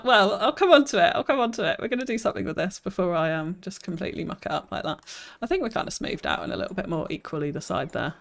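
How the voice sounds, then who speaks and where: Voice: mid-range voice, gravelly, fairly bright tone. A streamer, chatting through a live gameplay session, reading viewer comments aloud and answering them with self-deprecating laughs.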